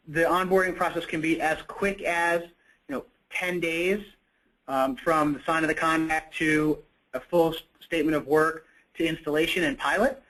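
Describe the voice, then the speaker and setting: A man's voice: on the high side, a bit bright, low-quality recording. Man giving a conversational webinar talk. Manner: conversational, frequent "you know" and self-corrections. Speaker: product presenter. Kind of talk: webinar presentation.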